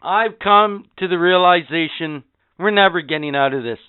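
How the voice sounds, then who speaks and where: Exasperated and sarcastic, a fifty-something podcast host swears his way through a ranting monologue. He has a smooth, high-pitched voice at normal speed, and the recording has no room sound but sounds narrow and tinny.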